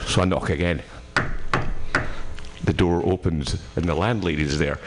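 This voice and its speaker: A man's voice: deep voice, steady tone, unhurried, background noise. A middle-aged Scottish man telling a long story in casual chat, swearing freely and laughing as he goes. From Scotland. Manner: swears freely, laughs through his stories. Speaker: radio show host.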